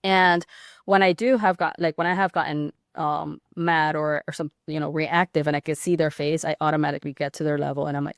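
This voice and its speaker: A woman with a low voice talks as a podcast guest and rambles through her thoughts, full of fillers and restarts. The sound is dry and close, with no room around it. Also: steady tone, a little fast, dry recording. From Hispanic background. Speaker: pediatric sleep consultant and guest. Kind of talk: casual podcast interview.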